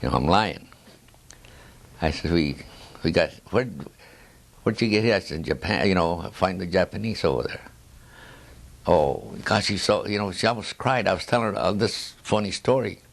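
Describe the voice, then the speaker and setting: Chuckling at his own war stories, a man in his 90s rambles through an oral history, restarting sentences and drifting into trailing asides. He speaks at a normal speed in a low-pitched, creaky voice with lively intonation, pausing often.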